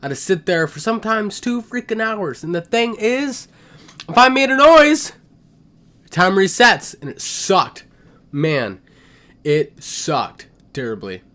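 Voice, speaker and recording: A young man telling a comedic story, swinging between loud outbursts and muttered asides. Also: high-pitched, big pitch swings, a little slow.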